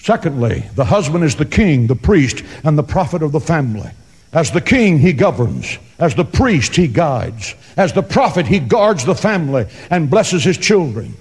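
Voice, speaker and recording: A pastor giving an emphatic, dramatic sermon to a congregation, mixing scripture with joking asides. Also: male voice, a little high, sing-song, moderate pace, darkish tone. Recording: long reverb of a large hall.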